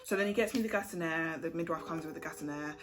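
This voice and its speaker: A woman's voice: low voice, fast talker. A young woman telling her story in a frank, chatty way, swearing casually. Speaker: vlogger. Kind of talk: candid storytime chat. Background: background music.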